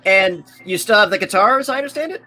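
A man's voice: sits high, lively intonation, fast talker, pushed and bright, slight background noise. A man hosting an interview, enthusiastic, prompting guests for stories and laughing easily. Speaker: host.

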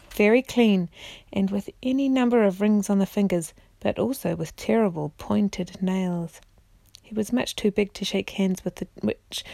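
Woman reading a bedtime chapter book to her kids, gentle and unhurried, a bit of gravel in her voice, dry close sound. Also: mid-range voice, no room sound. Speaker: parent reading aloud. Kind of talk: storybook reading aloud.

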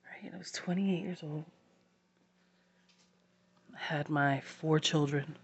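Slow, halting woman speaking from the heart. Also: sits low, slightly rough, muffled recording. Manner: halting, heartfelt, with long pauses. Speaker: personal storyteller. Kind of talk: personal testimony to camera.

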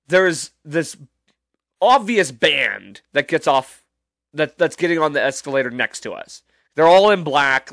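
A podcast host tells a story in a casual monologue, rambling, swearing, sounding incredulous and restarting often. His voice sits a little high with a fairly bright tone, and the studio-quality recording has no room sound.

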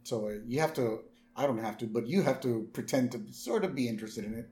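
A man's voice: mid-range voice, quick pace, echoey room, a little hiss or hum. A man co-hosting a podcast, casually recapping a cartoon episode and jumping into character voices. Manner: animated, jumps into character voices. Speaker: podcast co-host.

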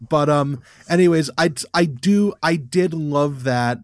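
A man co-hosting a casual podcast, eagerly recapping a TV episode and stumbling over his words when excited. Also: on the high side, a little slow, no echo, clean studio sound. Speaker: podcast co-host.

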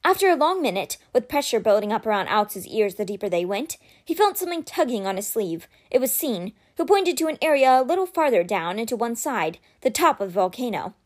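A woman reading a children's fantasy novel aloud with expressive, dramatic storytelling. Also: on the high side, fairly quick, hardly any pauses.

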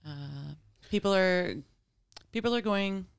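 A woman co-hosting a podcast, presenting her topic in casual chat with frequent fillers and pauses. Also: mid-range voice, lively intonation, gravelly, smooth. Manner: hesitant, many fillers while reading notes.

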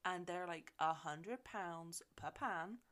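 A woman's voice: fairly low pitch, slow, fairly bright tone. A woman co-hosting a podcast, casually recapping a film, swearing freely and laughing as she retells it. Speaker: podcast co-host.

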